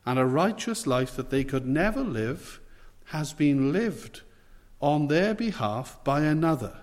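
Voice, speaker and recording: A man's voice: on the high side, very animated. Emphatic male preacher in a reverberant hall. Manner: measured, emphatic preaching with slow stressed phrases. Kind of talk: sermon.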